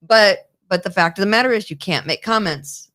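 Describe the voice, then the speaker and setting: A woman's voice: mid-range voice, moderate pace, fairly bright tone. A woman hosting a daily talk show, chatting casually and laughing often. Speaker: show host. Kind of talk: casual studio chat.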